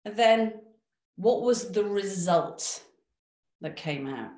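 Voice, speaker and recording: A woman giving a motivational webinar talk, lively and direct, asking the audience questions. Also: mid-range voice, slow pace, roomy sound. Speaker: webinar speaker.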